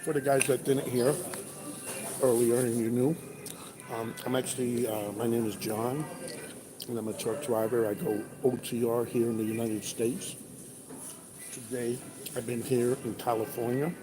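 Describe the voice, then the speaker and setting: A man's voice: medium pitch, level tone, normal speed, long pauses, a crowd in the background. A man, a truck driver, chatting casually on a livestream, reading viewers' comments aloud over breakfast. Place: truck stop restaurant. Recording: noisy restaurant ambience.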